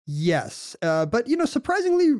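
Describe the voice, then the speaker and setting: A man's voice: extremely high pitch, huge pitch swings, moderate pace, darkish tone, dry recording, clean studio sound. A man co-hosting a podcast, explaining at length in casual chat, with frequent fillers and restarts. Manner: rambling, explains at length with many "you know" fillers and restarts.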